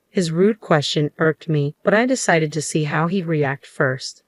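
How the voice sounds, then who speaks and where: A woman narrating a story in an even, unhurried scripted delivery. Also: low-pitched, no room sound.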